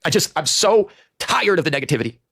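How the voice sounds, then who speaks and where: Exasperated thirties man, foul-mouthed vlog rant, bright edgy tone, rapid delivery. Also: fairly high pitch, sing-song, gravelly, no echo, studio quality. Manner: profane, exasperated, self-pitying ranting. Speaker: online video maker. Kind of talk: ranting vlog monologue.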